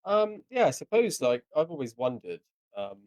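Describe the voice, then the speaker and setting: A man's voice: fairly high pitch, sing-song, normal speed, a little mellow, lo-fi sound, a little hiss or hum. A man from the audience asking a rambling, hesitant question in a casual interview chat.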